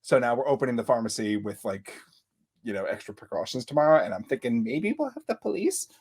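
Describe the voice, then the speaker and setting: A young man from Long Island co-hosting a casual podcast chat, animated and quick to laugh while telling stories. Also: mid-range voice, husky. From Long Island, New York. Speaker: podcast co-host. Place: home room.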